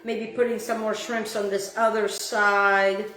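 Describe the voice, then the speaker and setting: A woman's voice: mid-range voice, little pitch movement, measured pace, fairly bright tone, distant mic. Gushing woman cooking in an echoey kitchen. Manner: effusive, gushing, sometimes sings phrases. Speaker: cooking show host. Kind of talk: home cooking demonstration. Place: home kitchen. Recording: echoey room with faint background noise.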